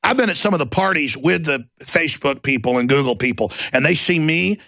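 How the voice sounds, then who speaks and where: A male talk show host delivering a loud, fervent, mocking rant. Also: fairly high pitch, animated, brisk, creaky, no echo, studio quality. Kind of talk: ranting monologue.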